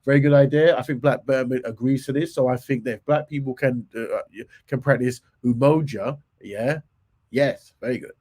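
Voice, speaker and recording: A man, hoarse from a cold, talks his way through a livestream with an average-pitched voice. He chats loosely, mutters asides and lets his sentences trail off. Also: moderate pace, darkish tone. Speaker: livestream host. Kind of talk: casual live commentary.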